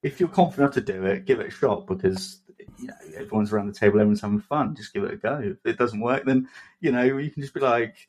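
A man's voice: medium pitch, fast talker, darkish tone. A man co-hosting a casual podcast chat, jokey and encouraging, laughing a lot. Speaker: podcast co-host.

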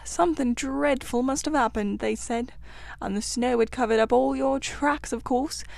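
A woman voicing a cheerful, hearty male otter who tells his tale in a lively, outspoken way. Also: sits high, vocal fry, no room sound.

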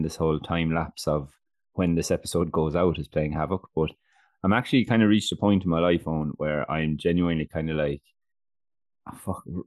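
A man's voice: deep voice, darkish tone, no room sound, clean studio sound. A man with an Irish accent, co-hosting a casual rugby podcast and telling stories with frequent laughs and casual swearing. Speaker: podcast co-host. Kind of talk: casual chat.

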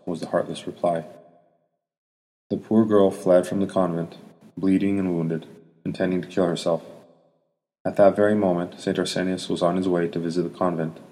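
A man with a very low, dark voice narrates a saint's life in a steady, solemn read with almost no rise and fall. A long hall reverb hangs behind every line. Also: normal speed. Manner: even, solemn reading.

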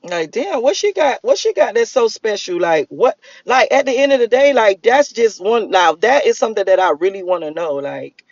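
A man's voice: sits high, sing-song, normal speed, no echo. A man rambling through a solo vlog monologue, leaning on "like" and restarting his sentences. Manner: musing, repeats "like" often, restarts sentences. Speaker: vlogger. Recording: dull lo-fi dry recording.

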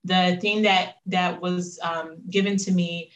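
A woman guest telling a personal story in an interview, earnest and reflective, lively when she quotes herself. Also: on the low side, slow pace, roomy sound, lo-fi sound.

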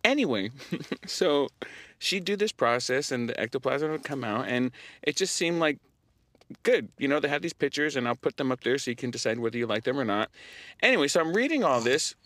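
A young man hosting a podcast, telling a story in casual chat, animated, often laughing and using lots of fillers. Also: medium pitch, fairly quick, no echo. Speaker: podcast host.

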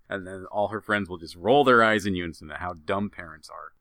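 A man's voice: deep voice, fairly quick, few pauses, bright, forceful tone, no room sound. A man in casual podcast banter, wryly picking apart a joke. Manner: wry, picks jokes apart. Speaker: podcast co-host. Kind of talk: casual comedic chat.

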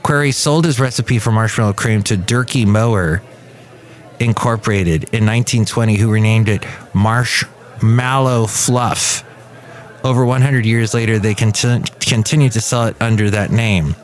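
A man's voice: on the low side, normal speed. A man hosting a podcast, chatting casually through the news and wandering off on tangents. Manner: rambling, tangent-prone, self-correcting. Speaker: podcast host.

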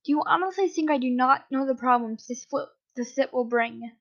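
A woman's voice: high-pitched, brisk, a bit bright, lo-fi sound. A woman reading aloud, voicing a hot-tempered young man who defies his parents. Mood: yelling.

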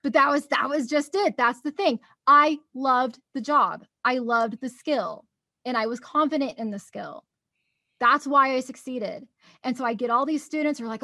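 Bubbly laughing woman, higher voice. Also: moderate pace, sharp tone, no room sound, clean studio sound. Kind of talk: casual chat.

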